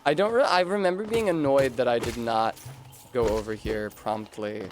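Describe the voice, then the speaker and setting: A man's voice: mid-range voice, normal speed, a little hiss or hum. A man streaming a game, chatting casually in a rambling, self-deprecating way to his viewers. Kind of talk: casual gameplay chat.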